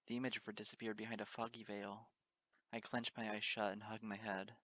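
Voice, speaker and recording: A man's voice: on the low side, little pitch movement, a little fast, fairly bright tone, no echo. A man narrating a fan fiction audiobook in an earnest, emotional first-person reading. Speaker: audiobook reader.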